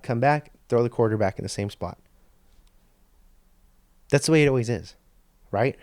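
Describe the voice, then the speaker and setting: A man's voice: mid-range voice, darkish tone, no echo. A man hosting a podcast, telling a story in a rambling, profane, stop-start way into a studio microphone. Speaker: podcast host. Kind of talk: casual storytelling monologue.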